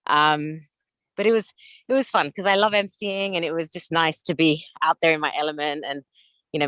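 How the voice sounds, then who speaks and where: A woman's voice: on the low side, fairly bright tone, dry recording. A woman chatting as a guest on a video call, out of breath as she walks uphill outdoors, talking in a chatty, rambling way. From California. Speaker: guest dentist and coach. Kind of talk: casual chat. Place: outdoors on a hill. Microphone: phone at arm's length on video call.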